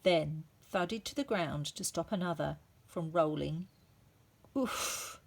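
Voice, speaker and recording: A woman teacher reads a children's story aloud at an unhurried, deliberate pace. Her voice sits low, and she plays up the sound effects with relish. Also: vocal fry.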